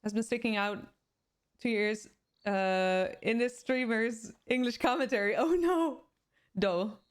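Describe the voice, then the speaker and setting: A woman's voice: fairly high pitch, a little slow, clear, resonant tone. A woman with a Swedish accent, a native Swedish speaker who streams games and chats casually, reading viewer comments aloud and answering them. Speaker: game streamer. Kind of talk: casual chat with live viewers.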